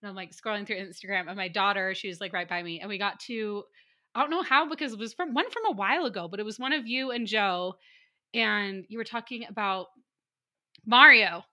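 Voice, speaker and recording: A woman's voice: mid-range voice, bright, forceful tone. A woman hosting a podcast, chatting casually and reacting to her guest with frequent laughter. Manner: laughs often, quick reactions. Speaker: podcast host. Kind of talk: casual interview chat.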